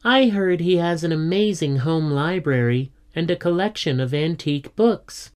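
A man's voice: a little high, lively intonation, moderate pace, clear, resonant tone, voice pushed up, close to an everyday voice. A man voicing a sensible, knowing young schoolgirl in a storybook reading, speaking in a lightened, raised voice.

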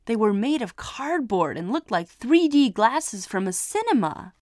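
A woman reading a children's story aloud, giving each character an expressive voice. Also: fairly high pitch, measured pace, dry recording, studio quality.

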